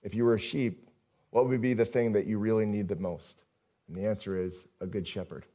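A man's voice: fairly low pitch, fairly even intonation, brisk, dark tone. A male pastor giving a conversational sermon, often asking the congregation questions.

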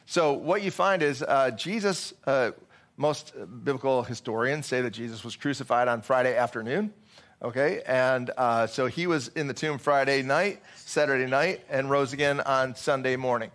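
Male pastor, middle pitch, chatty sermon delivery with plenty of "um" and restarts. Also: moderate pace, a bit bright. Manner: conversational, with frequent fillers and restarts.

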